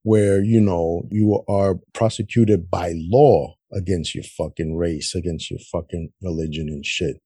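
A man talks politics in loose, profane chat, dropping "man" and "you know" everywhere. His voice sits low and mellow with a husky edge. The sound is dry and close. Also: steady tone, a little slow, hardly any pauses, no echo. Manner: blunt, heavy swearing, says "man" often. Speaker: podcast co-host.

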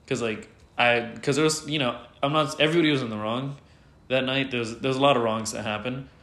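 A man's voice: mid-range voice, steady tone, brisk, fairly bright tone. A man speaking candidly as an interview guest, rambling with lots of fillers and some swearing. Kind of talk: candid casual conversation. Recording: roomy echo.

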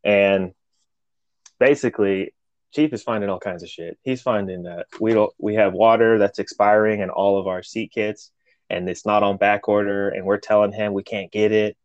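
Low-voiced man telling a rowdy story. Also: moderate pace, no room sound, dull audio. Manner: animated, profane, acts out quotes. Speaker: podcast co-host. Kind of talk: casual storytelling chat.

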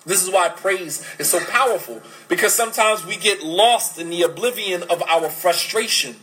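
A man's voice: sits high, fairly bright tone, rough recording. A man giving a religious lecture on parenting, emphatic and full of rhetorical questions. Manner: switches to fast Arabic recitation. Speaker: Islamic lecturer.

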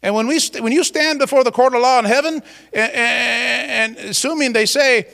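A man's voice: very high voice, moderate pace, vocal fry, bright, forceful tone, big-room sound. A man preaching a sermon as pastor, emphatic and exclamatory.

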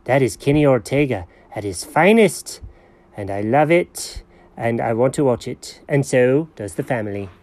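A man doing a comedy voice-over as a pet owner, talking to his cat in a dry, deadpan, mock-stern way. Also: medium pitch, normal speed, no room sound.

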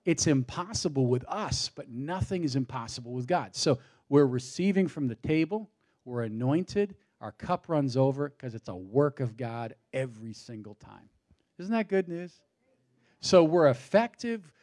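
A man's voice: mid-range voice, expressive, moderate pace, a little mellow. A man preaching a sermon, asking rhetorical questions and building his points with rising emphasis. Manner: out of breath at times. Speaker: pastor.

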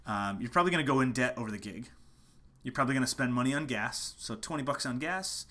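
A man's voice: medium pitch, lively intonation, quick pace, bright, forceful tone. A man who is a musician gives a casual, passionate marketing lesson at home late at night, hammering home his points by repeating them. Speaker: musician teaching online marketing. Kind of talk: casual marketing talk to camera.

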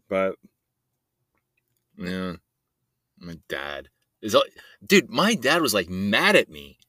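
A young man rambles through a personal story in an animated, swooping voice with a bright, forward tone. He talks at an unhurried pace, swears casually and laughs along the way, and the recording sounds dry and close. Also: low-pitched, no echo. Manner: rambling, profane, often laughing. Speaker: voice-message storyteller.

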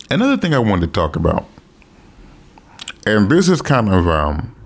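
Candid American man, lively pitch. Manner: candid, blunt, swears freely. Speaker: podcast host. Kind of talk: casual solo podcast talk.

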